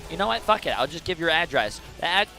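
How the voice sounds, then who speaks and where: A man streaming as he watches an esports match, talking in casual banter with loud joking outbursts and teasing. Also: on the high side, sing-song, quick pace, creaky, soft background music.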